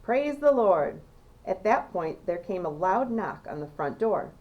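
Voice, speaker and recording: Teacher lady reading a kids' book out loud, lowish voice, steady and clear. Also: normal speed, lo-fi sound. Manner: steady storytelling, lively when voicing characters. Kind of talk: reading a children's novel aloud.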